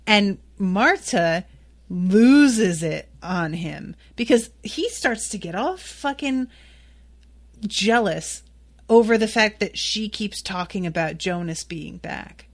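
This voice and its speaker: Woman, podcast host, solo recap, slow pace, candid, occasional swearing. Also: medium pitch, animated, fairly bright tone. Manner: candid, swears, exasperated asides.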